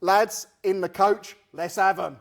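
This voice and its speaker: A man's voice: high-pitched, fairly even intonation, measured pace, creaky, fairly bright tone, pitched above the performer's own voice, exaggerated voice. A man putting on a rowdy soldier. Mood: mock bluster. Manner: jokey, blunt, mock-tough. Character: rowdy British soldier of the Napoleonic era, male, adult, blustering.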